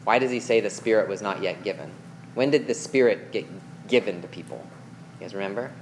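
A man's voice: lowish voice, fairly quick, a little hiss or hum. A man teaching a Bible passage in a conversational way, reading verses aloud, explaining them and checking in with his listeners. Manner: reads scripture aloud, then explains it; checks in with listeners with questions and "okay?".

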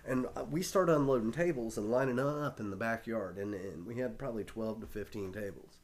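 A man's voice: lowish voice, fairly quick. A man casually telling a long, profane anecdote, often laughing as he talks. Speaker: storyteller on a talk show.

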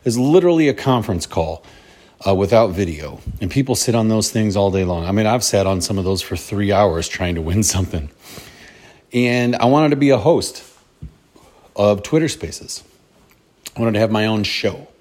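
A middle-aged podcast host talks alone in a casual, upbeat, motivational monologue, rambling and restarting sentences along the way. His voice is lowish, a little mellow and animated, at a normal speed.

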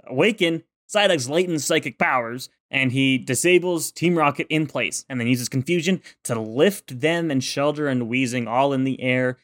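Male podcast co-host, mid-pitched, dry sarcastic recapper who drops a curse now and then. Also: normal speed, few pauses, fairly bright tone. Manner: wry, swears casually, pops into high mocking impressions. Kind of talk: casual chat, recapping episodes.

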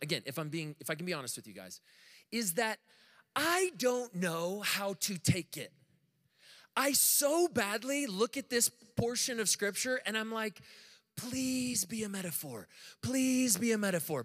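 An American man preaching a sermon to a live congregation, telling stories in an animated, joking way. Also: high voice, long reverb tail. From United States. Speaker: pastor. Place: church room with audience.

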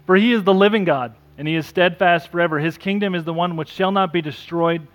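A male pastor preaching an earnest sermon, reading scripture aloud, rising for emphasis and dropping soft. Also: sits high, fairly quick. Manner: self-deprecating asides.

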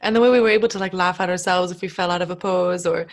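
A woman's voice: lowish voice, fairly even intonation, fast. A woman hosting a podcast in casual chat, talking freely, laughing often and acting out little quoted lines. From England. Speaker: podcast host.

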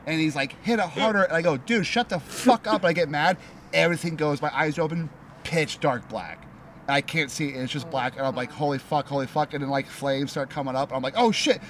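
A man's voice: a little high, fairly even intonation, quick pace, fairly bright tone, slight background noise. A man in a casual podcast chat telling a rambling, profanity-filled story full of "like". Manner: rambling, swearing, many likes. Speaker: podcast guest.

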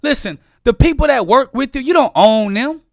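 A man in a casual talk, making slow, emphatic points that lean on scripture and repeat key phrases. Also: very high voice, lively intonation, gravelly, no echo, studio quality.

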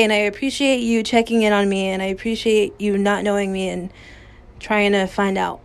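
A woman's voice: mid-range voice, fairly even intonation, fairly quick, creaky, clean tone. A woman hosting a podcast, telling a personal story in a candid, raw way with casual swearing and many fillers, recorded on a phone in a small booth. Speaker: podcast host.

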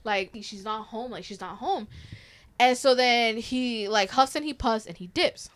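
Give me a woman in her thirties with a fairly high voice, telling a story in loose, casual chat. She swears a lot and jumps into the voices of everyone in the tale, so her delivery stays animated from start to finish. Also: unhurried. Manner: animated, swears freely, acts out quoted voices. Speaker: podcast host.

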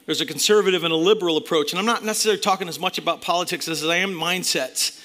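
A male pastor preaching a sermon to his church, impassioned, swinging between loud emphatic bursts and quiet, intense stretches. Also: high-pitched, rapid-fire.

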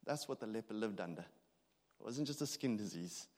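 A man in his thirties preaching a sermon, earnest and halting, with frequent restarts and fillers. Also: fairly low pitch, expressive, a little mellow. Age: 30s. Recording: long hall reverb.

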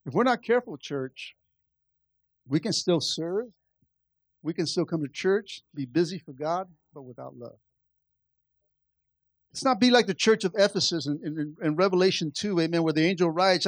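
A man's voice: fairly high pitch, lively intonation, moderate pace, long pauses, dry recording, clean studio sound. A man pastor preaching a conversational sermon, calling out to the church and building to impassioned stretches. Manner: impassioned, rising in volume.

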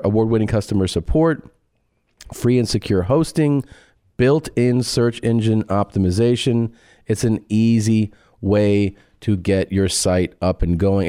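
A man's voice: fairly low pitch, mellow, no echo, studio quality. A man co-hosting a comedy podcast, reading sponsor ads in a jokey, offhand, rambling way. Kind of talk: casual ad read.

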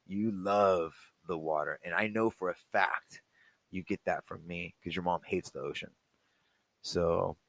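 A young man hosting a podcast, talking casually and with feeling, swearing freely and pausing often. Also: sits low, a bit bright, dry recording. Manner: casual, swearing, heartfelt, halting. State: choked up. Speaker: podcast host. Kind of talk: personal message monologue.

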